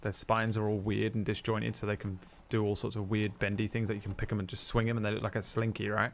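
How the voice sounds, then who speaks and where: A man's voice: on the low side, flat delivery, fast, slight background noise. A man running a tabletop game as game master, narrating in a casual, rambling way full of fillers.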